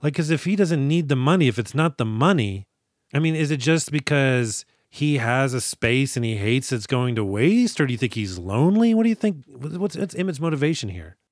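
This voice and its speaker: A man co-hosting a podcast, recapping a film in casual, animated, profane chat. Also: medium pitch, normal speed, no echo, clean studio sound. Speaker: podcast co-host.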